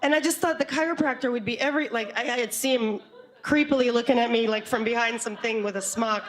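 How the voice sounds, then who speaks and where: Woman storyteller, live on stage, slightly high pitch, lively and comic. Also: fast. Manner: animated, laughing, comic asides. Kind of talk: live storytelling before an audience. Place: stage before a live audience.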